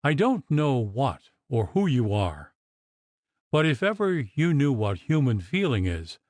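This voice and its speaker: A man's voice: mid-range voice, very animated, measured pace, darkish tone, no room sound, studio quality. Man doing a frantic young gent, piercing, shaky, begging, lots of swing. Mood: pleading. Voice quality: piercing, agitated. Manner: pleading, trembling. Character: young agitated gentleman, desperate and proud. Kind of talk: audiobook character reading.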